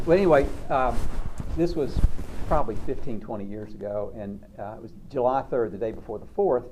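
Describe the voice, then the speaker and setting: A man's voice: medium pitch, noisy background. A middle-aged man, a counselor telling stories about recovery with folksy, self-mocking humor. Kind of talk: storytelling talk on recovery.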